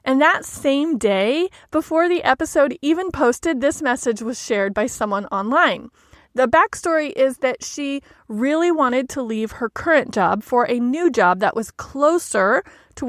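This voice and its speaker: High-voiced woman coaching in a dry booth. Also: no echo. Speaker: life coach podcast host. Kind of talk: solo podcast talk.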